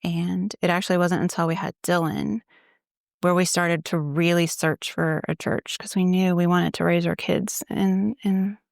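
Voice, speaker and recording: A woman with a low, gravelly voice recounts her faith story in a relaxed, conversational way. She acts out her own past thoughts as little quotes. The sound is dry and close to the mic. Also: normal speed, dry recording. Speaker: church ministry assistant, interview guest. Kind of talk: casual faith-story interview.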